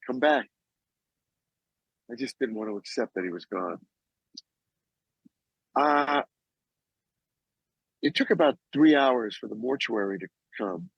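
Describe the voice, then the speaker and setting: Male guest, 60s, slow halting storyteller, husky and dry-sounding. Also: on the low side, no echo, highs cut off. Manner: slow, halting, with pauses and restarts. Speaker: guest, actor and author. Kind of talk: emotional personal storytelling.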